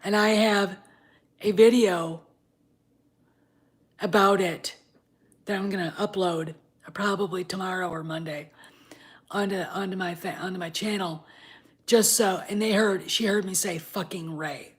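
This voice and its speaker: Wine in hand, a woman in her fifties rants in a casual vlog, cursing heavily and shifting from quiet muttering to loud, heated bursts. Her intonation stays fairly even overall, and she speaks unhurriedly with long pauses.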